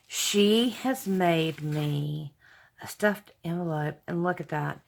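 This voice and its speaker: A woman's voice: low voice, very slow, vocal fry, a bit bright, a little hiss or hum. A woman, hosting her channel and chatting to viewers as she opens gifts, gushing and sentimental with frequent exclamations. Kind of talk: casual unboxing chat to viewers.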